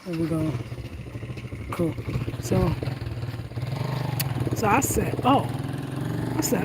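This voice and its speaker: Her mid-range voice is measured and often pauses, with a noisy background. This woman vlogs casually to camera, laughing a lot and using slang, starting on a country road at night before moving indoors at home.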